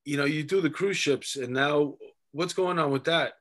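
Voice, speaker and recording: A man who is a comedian, talking casually as a podcast guest with halting, self-deprecating jokes. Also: on the high side, a bit bright. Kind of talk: casual chat.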